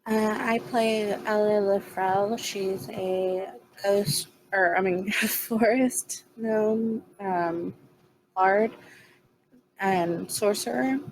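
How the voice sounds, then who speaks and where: Slow, gravelly-voiced woman player. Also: mid-range voice, fairly even intonation, a little hiss or hum, low-quality recording. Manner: halting, filler-heavy. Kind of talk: tabletop game chat.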